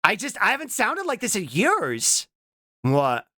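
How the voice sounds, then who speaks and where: A man's voice: extremely high pitch, huge pitch swings, moderate pace, bright, forceful tone, breathy edge, no echo, clean studio sound. A young man streaming casually as a VTuber, rambling with restarts and giggles and breaking in with a repeated blurted "What?" tic. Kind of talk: casual live-stream chat.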